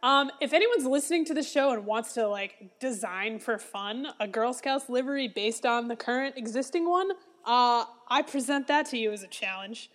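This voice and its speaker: A woman's voice: on the high side, expressive, normal speed. A woman from America co-hosting a casual podcast chat, talkative with dry jokes. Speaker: podcast co-host.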